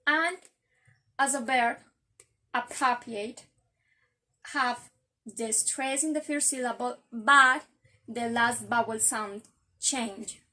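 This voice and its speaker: A woman's voice: a little high, pushed and bright. A young woman with a Colombian Spanish accent, giving a careful class presentation on word stress. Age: young adult. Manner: slow, careful, explanatory. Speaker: student presenter.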